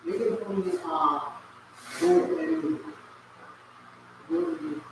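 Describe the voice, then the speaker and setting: Man, student, hesitant, high voice, distant and echoey. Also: sing-song, noisy background. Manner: hesitant, halting questions. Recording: echoey room, far from the mic.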